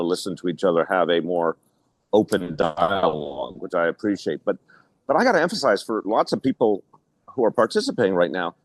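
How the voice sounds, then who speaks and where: A man's voice: deep voice, dry recording. An older man, a former mayor, speaking earnestly as a guest on a political talk show over a video call. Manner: earnest, measured, with frequent restarts.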